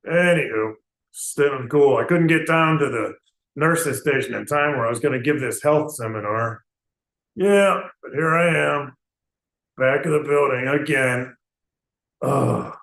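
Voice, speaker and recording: A man's voice: mid-range voice, unhurried, a bit bright, reverberant. A man comedian casually wrapping up his bit, mumbling and trailing off.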